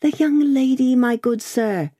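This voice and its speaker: A woman's voice: sits high, a little slow, warm tone, husky, voice pushed up. A woman voicing a fussy, mild older male bank clerk who speaks cautiously, politely and precisely, as a character in an audiobook. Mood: polite, firm.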